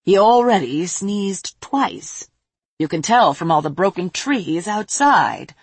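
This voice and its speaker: A woman voicing a calm, knowing woman who speaks slowly and with quiet amusement. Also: medium pitch, breathy edge, no echo, exaggerated voice.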